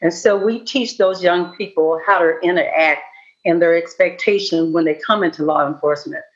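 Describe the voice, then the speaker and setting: A woman's voice: lowish voice, normal speed. Woman panelist and law enforcement educator, conversational, muffled lo-fi audio. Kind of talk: panel discussion.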